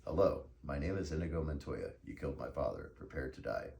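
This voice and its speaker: A man's voice: rumbling low, animated, a little fast, gravelly, darkish tone, echoey room, full character voice. A man voicing a relentless vengeful swordsman. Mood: grim. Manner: determined, repeating a vow. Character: wounded Spanish swordsman seeking revenge, relentless.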